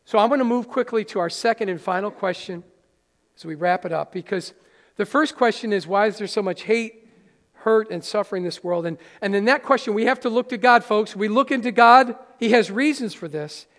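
A pastor with a notably high voice preaches earnestly, talking straight to the people in the room and joking with them now and then. His words ring out with the long reverb of a church hall. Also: fairly quick, fairly bright tone. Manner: earnest, conversational preaching with playful asides to the congregation. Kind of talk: sermon. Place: church sanctuary.

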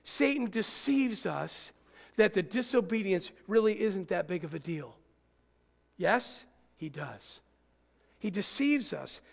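High gravelly preacher in a reverberant hall. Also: male voice, slow, pauses often. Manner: animated, rhetorical questions to congregation. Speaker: pastor. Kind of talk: sermon.

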